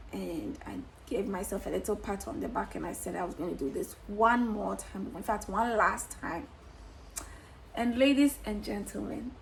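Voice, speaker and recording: A woman's voice: mid-range voice, gravelly, a little hiss or hum, rough recording. A young woman vlogging to camera in a candid, exuberant way, laughing often and swearing casually.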